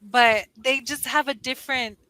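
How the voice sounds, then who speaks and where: A woman from California tutoring English in a chatty, animated online conversation lesson over a video call, laughing often. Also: high voice, normal speed, poor audio.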